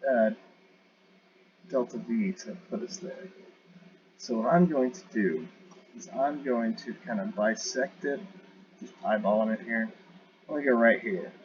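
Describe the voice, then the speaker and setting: A man giving casual, rambling commentary while playing a space game, correcting himself and joking as he goes. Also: medium pitch. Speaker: gamer showing a space game. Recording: dull lo-fi audio with clear noise.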